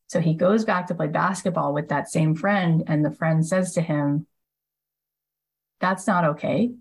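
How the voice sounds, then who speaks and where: A woman's voice: low-pitched, moderate pace, creaky, slightly rough, rough recording. A woman podcast host telling a story in a casual monologue, acting out the people she quotes, with lots of "like" and "he goes.". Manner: lively storyteller who acts out quoted speakers.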